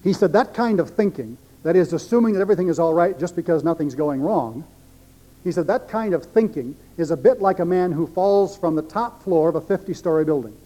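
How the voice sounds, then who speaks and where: A male pastor preaches a sermon emphatically and briskly, repeating key phrases. His voice sits high for a man yet sounds mellow and dark.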